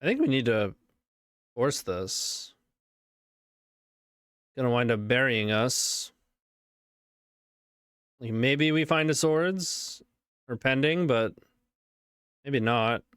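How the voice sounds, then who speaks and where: Slow-talking man giving game commentary. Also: medium pitch, fairly bright tone, clean tone, dry recording, studio quality. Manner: casual running commentary, reacting to plays. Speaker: streamer. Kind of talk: live card game commentary.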